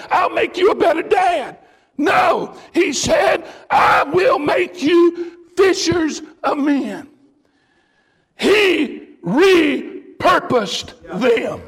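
A male preacher delivering a sermon, shouting in bursts as he tells a story. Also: very high voice, creaky, husky.

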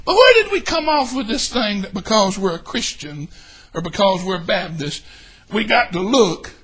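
A man with a Southern US accent preaching a sermon as a pastor, exuberant and shouting, breaking into high whoops and laughter. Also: very animated, moderate pace, breathy edge. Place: church sanctuary.

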